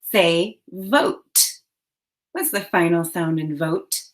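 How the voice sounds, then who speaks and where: Very slow, animated woman teaching phonics. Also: lowish voice. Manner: slow, clearly enunciated prompts. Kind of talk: phonics lesson for young children.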